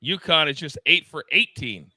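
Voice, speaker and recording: A man hosts a live sports betting show in a very bright, forceful voice that sits a little high. He is excitable, loud and self-deprecating. The room sounds dry, with a close mic. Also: normal speed, dry recording. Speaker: host.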